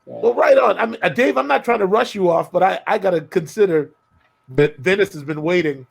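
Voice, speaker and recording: A man's voice: sits high, brisk, creaky, breathy edge. A man hosting a casual panel chat about drumming, laid-back and easygoing, stammering as he works into his questions. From Minneapolis area. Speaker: host.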